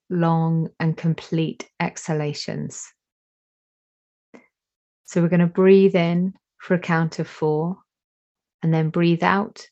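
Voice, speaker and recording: A woman leading a guided meditation, giving slow, soothing instructions with long pauses between phrases. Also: fairly low pitch, a little mellow. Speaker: meditation teacher. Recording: dull lo-fi recording.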